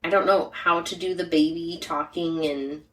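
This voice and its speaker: A woman co-host talks plainly and directly, scattering casual fillers and soft murmurs of agreement as she chats. Her voice sits a little low and reaches the listener from some distance off the mic, wrapped in a roomy echo. It is relaxed podcast conversation, matter-of-fact rather than polished. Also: moderate pace. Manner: straightforward, chatty, many "like" fillers and murmured agreement. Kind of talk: casual chat.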